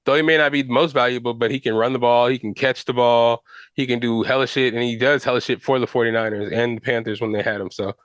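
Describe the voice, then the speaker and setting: A man's voice: medium pitch, steady tone, fast, fairly bright tone, dry recording, lo-fi sound. A man hosting a podcast, talking football casually in slang with fillers and restarts. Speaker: podcast host. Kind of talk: casual sports chat.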